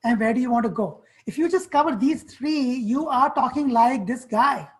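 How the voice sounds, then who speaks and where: A woman's voice: sits high, normal speed, rough recording. A woman coaching students on college essays in an online workshop, speaking directly and firing off questions and commands.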